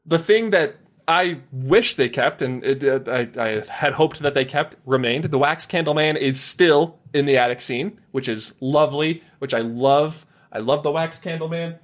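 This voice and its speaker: Chatty male podcast guest, slightly high. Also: moderate pace, few pauses. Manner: chatty, explanatory, playful. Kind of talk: casual podcast chat.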